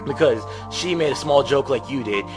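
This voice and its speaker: A nineteen-year-old man in an angry, profane rant, breaking into shouts. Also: medium pitch, normal speed, music in the background, low-quality recording. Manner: furious, profane, bursts into shouting.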